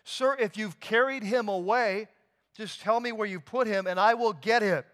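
A man's voice: high voice, moderate pace, a bit bright, voice pushed up. A man voicing a grieving, desperate woman pleading, in a raised, pushed voice while telling a sermon story. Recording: long hall reverb.

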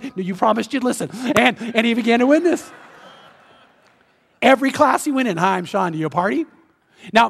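A middle-aged man preaching with a notably high voice. He tells stories animatedly, playing out each voice, then grows hushed and earnest. The sound carries a long reverb from a large church hall. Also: gravelly. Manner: animated storytelling, acting out quoted voices; drops to soft, slow, intimate appeal at the close. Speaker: pastor. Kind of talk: sermon.

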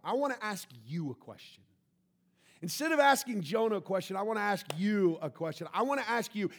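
A man preaching a sermon, reading scripture and acting out the characters, with laughter and sudden loud bursts. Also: high voice. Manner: animated, acts out the scripture with shouts and laughter. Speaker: pastor.

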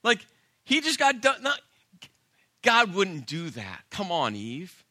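A sly serpent , as a preacher puts him on, coaxes in a high, mocking, wheedling voice. He sounds bright and loud and is heard dry and close. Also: wildly swooping pitch, slow pace, no room sound, heavily acted. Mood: coaxing. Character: sly sarcastic male serpent, coaxing tempter. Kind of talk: sermon retelling with acted voice.

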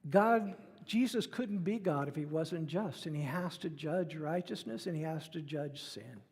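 A man's voice: a little high, a little slow, creaky, darkish tone, breathy edge, in a large hall. A middle-aged man preaching a sermon in a conversational way, acting out the voices he quotes. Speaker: pastor.

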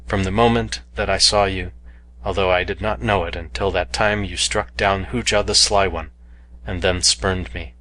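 Man doing a loving young cave woman, quiet, whispery, gentle, bright voice. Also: low-pitched, fairly even intonation, moderate pace. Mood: tender. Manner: soft and quiet, at times whispering.

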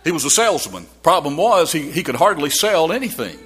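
A man's voice: on the high side, sing-song, a little fast, a bit bright, slightly rough, faint music behind. A man preaching a sermon in a church, telling a folksy story with frequent restarts and repeated words.

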